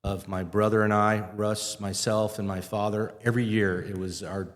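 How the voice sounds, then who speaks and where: Low-voiced man from the Midwest. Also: level tone. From Wisconsin, US Midwest. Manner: halting, many fillers and restarts. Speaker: marina owner and guest. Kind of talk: casual interview chat. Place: live show at a fishing center. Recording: long reverb of a large live venue.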